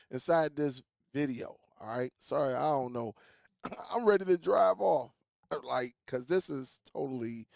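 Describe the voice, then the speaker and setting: Animated man ranting to his viewers. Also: mid-range voice, vocal fry, no echo, studio quality. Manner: animated, repeats himself for emphasis, addresses viewers as y'all. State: coughing, throat catching. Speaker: tech YouTuber. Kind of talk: casual vlog commentary.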